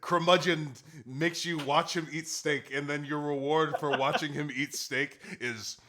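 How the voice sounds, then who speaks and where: A man's voice: a little high, steady tone, pushed and bright. A man co-hosting a podcast, riffing with jokes and chuckles in casual chat. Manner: quick joking riffs, chuckling. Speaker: podcast co-host.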